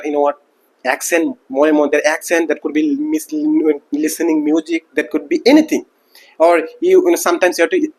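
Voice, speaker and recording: A man's voice: a little high, a little mellow. A man who did not grow up speaking English, talking casually to camera as a teacher and packing his speech with fillers like "like" and "you know what". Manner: rambling, heavy use of like and you know what. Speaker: English teacher and channel host.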